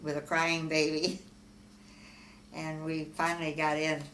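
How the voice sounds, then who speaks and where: An older woman from Omaha, Nebraska, unhurriedly recounting her life story in an oral history interview, with frequent fillers and soft laughs. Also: low-pitched, monotone, unhurried. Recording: echoey room, far from mic, faint hiss.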